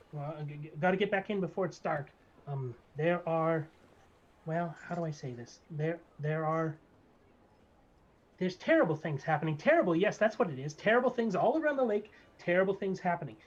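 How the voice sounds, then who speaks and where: Guy doing a high fussy little gnome barber, rambly and creepy, kinda dull lo-fi mic. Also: slightly rough. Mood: rambling. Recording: slightly dull lo-fi mic, faint noise.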